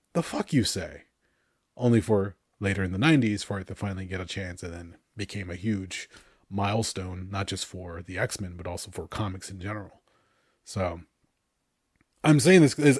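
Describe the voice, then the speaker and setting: A man in his thirties chatting on a podcast, telling animated stories about cartoons he loved and laughing often. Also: on the low side, no room sound, studio quality. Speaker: podcast co-host. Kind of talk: casual podcast chat.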